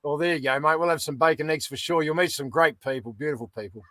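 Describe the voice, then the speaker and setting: Middle-aged Australian man, blunt and folksy, slightly high voice, dry close sound. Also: fast, pushed and bright, no room sound. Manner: blunt, folksy, peppered with "mate". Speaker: veteran guest. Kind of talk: casual interview.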